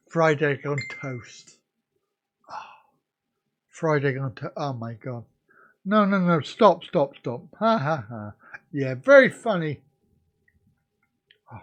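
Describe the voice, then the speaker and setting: Animated, jokey man streaming live. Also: on the high side, slow pace, pauses often. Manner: jokey, reacting to viewer comments. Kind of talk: casual live stream chat.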